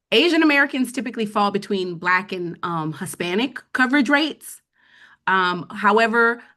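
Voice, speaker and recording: A woman's voice: medium pitch, pushed and bright. A woman hosting a live webinar on personal finance, talking conversationally and often checking in with her audience.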